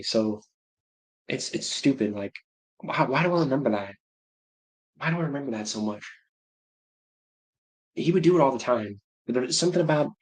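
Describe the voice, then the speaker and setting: Rambling man chatting on a livestream. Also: mid-range voice. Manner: rambling, self-interrupting, laughing to himself. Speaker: livestream host. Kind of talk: casual livestream chat.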